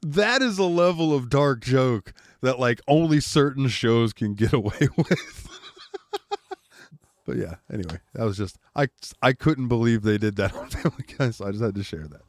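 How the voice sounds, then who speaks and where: A man's voice: medium pitch, normal speed, dry recording. A man co-hosting a podcast, telling stories animatedly in casual chat. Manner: animated storytelling with laughs and voices. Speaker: podcast co-host.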